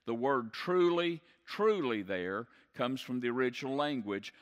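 A male pastor delivers a sermon at a middle pitch, earnest and emphatic, leaning on repeated phrases. His voice carries a long reverb, as if it fills a church sanctuary. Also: expressive, a little slow, few pauses.

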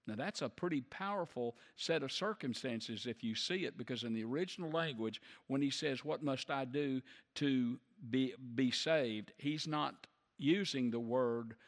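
A male pastor delivering a sermon, emphatic and slowing down to stress key words. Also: medium pitch. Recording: long reverb of a large hall.

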